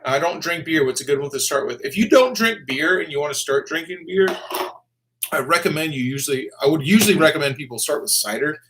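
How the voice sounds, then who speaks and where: Man, Southern American accent, casual chat host, profane and joking, lively swinging pitch, bright voice. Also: fast talker, slight background noise. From Florida. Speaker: livestream host reading viewer comments.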